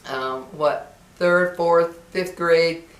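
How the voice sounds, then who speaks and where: A woman in her sixties telling childhood stories casually to her viewers, animated, acting out the adults who scolded her. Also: fairly low pitch, very slow. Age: 60s. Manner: animated, acts out scolding voices loudly. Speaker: vlogger. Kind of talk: casual storytelling to camera. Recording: echoey room.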